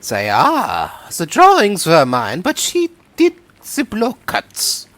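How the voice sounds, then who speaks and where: A man voicing a pious, earnest village printer in a let's-play, with a drawn-out, theatrical delivery. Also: sits high, wildly swooping pitch, fairly bright tone, no room sound, pitched above the performer's own voice, heavily acted.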